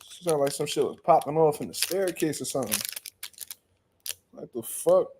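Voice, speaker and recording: A young man hosting a boxing show, chatting in loud, profane, joking banter and often laughing. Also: on the high side, animated, moderate pace, noisy background. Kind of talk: casual chat reacting to live chat.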